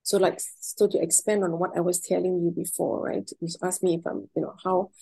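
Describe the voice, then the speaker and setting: A woman's voice: fairly low pitch, little pitch movement, fairly quick, gravelly, warm tone, husky, low-quality recording. A middle-aged woman being interviewed, telling heartfelt personal stories in an emotional, effusive way and repeating words when she is moved.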